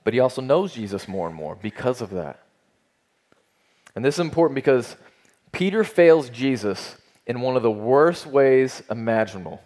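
A man's voice: mid-range voice, very animated, moderate pace, darkish tone. A man preaching a sermon, earnest and emphatic, asking rhetorical questions and repeating phrases for weight. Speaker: pastor.

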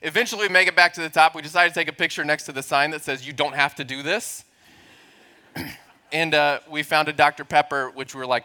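Pastor guy in his 40s, kinda high bright voice, joking about himself mid-sermon. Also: a little fast. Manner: humorous, self-deprecating storytelling. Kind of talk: sermon storytelling.

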